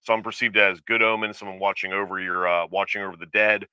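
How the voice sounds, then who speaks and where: A man co-hosting a podcast chats casually, rambling, trailing off into fillers and restarting his sentences. His low voice is very bright and forceful, smooth and clear in tone, with little pitch movement and a brisk pace. The recording is dry, close to the mic, and dull-sounding.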